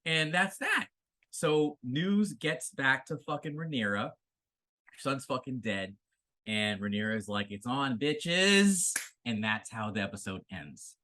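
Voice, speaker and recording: Male podcast co-host, bright forceful voice, swears freely while recapping. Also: mid-range voice, measured pace. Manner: profane, animated storytelling. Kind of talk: casual recap of a TV episode.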